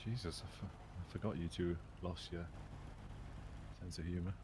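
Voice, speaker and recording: A man's voice: sits low, fairly even intonation, moderate pace, a little mellow, a little hiss or hum. A man playing a police officer in a game roleplay, chatting casually and teasing his partners. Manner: joking and teasing. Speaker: fellow police roleplay player.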